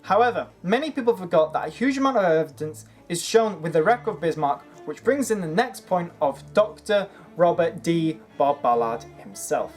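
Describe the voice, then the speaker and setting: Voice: medium pitch, animated, normal speed, few pauses, soft background music. A channel host reading a scripted history narration, earnestly building an argument point by point. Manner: earnest, argumentative, making a case. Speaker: history video creator.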